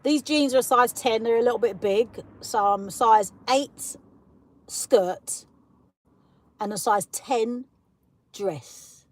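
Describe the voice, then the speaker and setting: British woman host, chatty live-stream ranter, higher voice, dry close sound. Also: dry recording. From Britain. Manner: chatty, ranting, reads out viewer comments. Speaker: livestream host. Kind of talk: casual live-stream chat.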